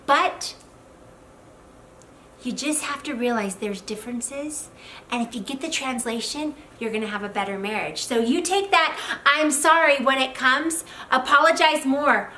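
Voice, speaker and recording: A high-pitched middle-aged woman gives marriage advice straight to the camera. She talks with animated, expressive energy and acts out the voices she quotes. A faint hiss of room ambience sits behind her. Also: moderate pace, rough recording. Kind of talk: direct-to-camera advice talk.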